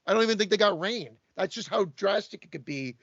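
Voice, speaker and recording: A man's voice: sits high, expressive, brisk, fairly bright tone, no echo, lo-fi sound. A Canadian man co-hosting a podcast in casual chat, rambling with many restarts and stammers. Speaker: podcast co-host.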